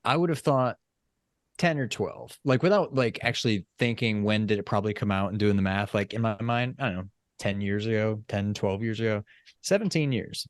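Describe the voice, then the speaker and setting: Easygoing low-voiced man, dry mic. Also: fairly quick, no echo. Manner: easygoing, animated storytelling. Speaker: podcast co-host. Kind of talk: casual chat.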